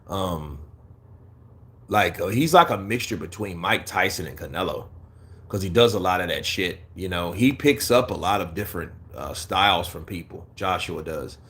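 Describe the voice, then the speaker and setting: A man hosting a casual boxing livestream, blunt and animated, who swings between heated rants and low, mumbled asides while he reads the chat. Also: moderate pace. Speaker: boxing commentary livestream host.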